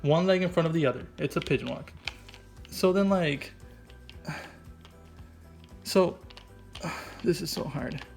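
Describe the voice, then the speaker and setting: A man's voice: on the high side, a little slow, creaky, long pauses, a little mellow, faint music behind. Rambling goofy man in a comic voice-over. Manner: rambling and goofy, full of "like" and "right?". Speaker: vlogger doing a comic makeup voice-over. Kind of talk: improvised comedic voice-over. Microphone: voice-over mic.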